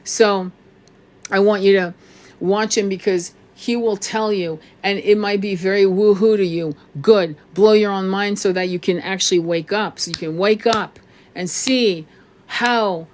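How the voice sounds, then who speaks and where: A woman's voice: medium pitch, steady tone, measured pace, darkish tone. A woman psychic tarot reader in a casual spiritual monologue, rambling, swearing freely and restarting her sentences often. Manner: rambling, profane, many restarts.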